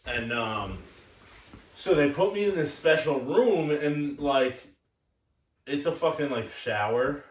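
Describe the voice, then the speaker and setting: His voice sits a little high with lively intonation, and he takes things slowly. This young man co-hosts a casual podcast, bluntly rambling through crude stories, recorded from afar in an echoey room.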